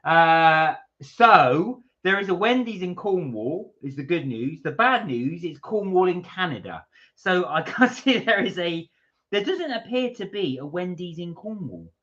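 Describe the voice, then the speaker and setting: A man's voice: sits high, very animated, a little slow, sharp tone. Man reading out live chat with dry asides. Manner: reads viewer comments aloud with dry asides. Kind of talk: casual live-stream chat. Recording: slightly muffled lo-fi stream audio.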